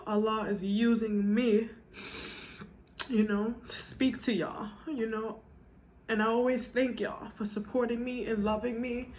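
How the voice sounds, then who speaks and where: A woman vlogger with a slightly high, darkish voice speaks to her viewers in a heartfelt, casual way. She's earnest and emotional, says "you know" a lot, and is tearful at times.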